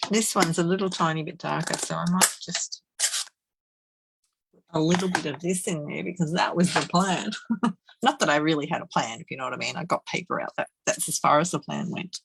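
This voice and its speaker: Low-pitched and gravelly, a woman's voice sits against a noisy background. She leads a live card-making demonstration, talking and laughing as she works, sometimes murmuring to herself.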